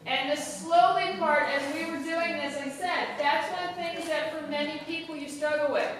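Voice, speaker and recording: A woman teacher giving a brisk, instructive classroom lesson, tending to talk fast, recorded from far off in a large echoey room. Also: high-pitched, steady tone, a bit bright. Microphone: camera far from the speaker. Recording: echoey hall audio from far off, background noise.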